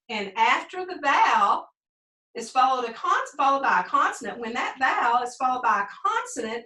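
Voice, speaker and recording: A woman teaching first grade phonics, prompting young pupils and slowly sounding out words in a sing-song way. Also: high voice, pushed and bright. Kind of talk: remote phonics lesson for young children. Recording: echoey room, mic at a distance.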